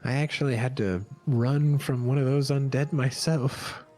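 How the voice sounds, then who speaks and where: A man's voice: mid-range voice, steady tone, warm tone, faint music behind. A man running a tabletop game as dungeon master, narrating and playing characters with many fillers and restarts. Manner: slow, hesitant, with many fillers.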